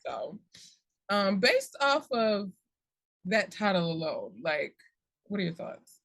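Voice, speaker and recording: A woman's voice: medium pitch, sing-song, slow pace, fairly bright tone, dry recording. A woman hosting a casual podcast chat about upcoming movies, reading summaries aloud with laughing asides. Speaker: podcast host.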